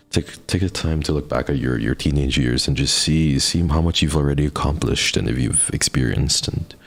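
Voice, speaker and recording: A man's voice: rumbling low, creaky. A man streaming live in casual chat, talking to his viewers in an affectionate, encouraging pep-talk way. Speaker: livestreamer.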